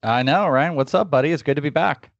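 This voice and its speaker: A man's voice: fairly high pitch, fairly quick, gravelly, no room sound, lo-fi sound. A man appearing as a guest analyst on a sports podcast, explaining at length with enthusiasm. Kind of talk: casual interview answers.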